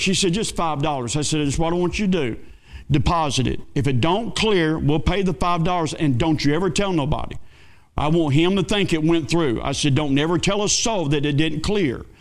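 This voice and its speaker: Preacher guy telling a church story, bit high voiced, goes big then quiet. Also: moderate pace. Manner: folksy, dramatic storyteller, swings from excited to hushed. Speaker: pastor. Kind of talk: sermon storytelling.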